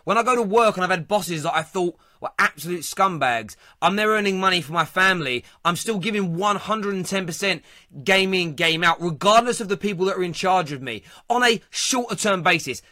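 A man's voice: sits high, lively intonation, fairly quick, pushed and bright, no room sound, clean studio sound. A man hosting a radio phone-in, firmly pushing back and insisting on being heard. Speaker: radio host. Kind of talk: phone-in debate.

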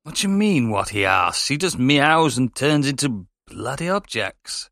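A man's voice: mid-range voice, big pitch swings, unhurried, gravelly, fairly bright tone, no echo, studio quality. A man playing a tabletop game in character, sarcastic and exasperated. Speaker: player.

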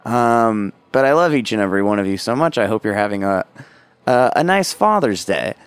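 A man's voice: on the low side, sing-song, brisk, clear, resonant tone, no echo. A man hosting a casual podcast, rambling and self-deprecating, swearing offhandedly. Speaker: podcast host.

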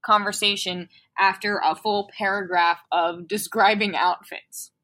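A woman's voice: medium pitch, fairly even intonation, a little slow, sharp tone. A young woman co-hosting a casual comedy show, reading fan fiction aloud with swearing and dramatic flair. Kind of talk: casual comedic read-along.

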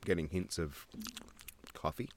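A man's voice: low-pitched, unhurried, darkish tone. A man co-hosting a podcast in casual chat, joking and blunt, swearing casually. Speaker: podcast co-host.

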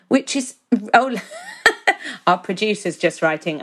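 A woman co-hosting a podcast, telling animated stories in casual chat, with swearing and laughter. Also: mid-range voice, unhurried, pauses often. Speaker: podcast co-host.

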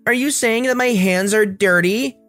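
A man's voice: extremely high pitch, expressive, normal speed, a bit bright, dry recording, soft background music, pitched above the performer's own voice. A man voicing a haughty, entitled older woman shopper who speaks in an indignant, condescending way. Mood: affronted.

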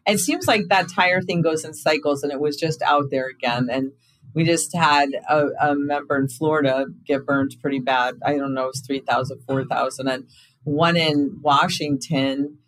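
A male podcast host talking casually and telling lively stories, slipping into quick impressions of the people in them. His voice sits fairly high and sounds close and dry, with no room echo around it. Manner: animated storyteller, acts out quoted voices. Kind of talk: casual conversation.

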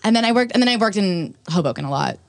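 A woman comedian from New Jersey in casual podcast chat, telling stories rapidly and animatedly and swearing freely. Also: medium pitch, expressive, gravelly, dry recording, studio quality. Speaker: comedian guest.

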